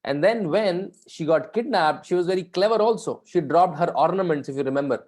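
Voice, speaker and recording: A man's voice: on the high side, lively intonation, a little fast, a little mellow. A man leading an online session for students, talking conversationally, asking the audience questions and often adding "right?". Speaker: guest speaker leading a session. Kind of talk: interactive talk to students.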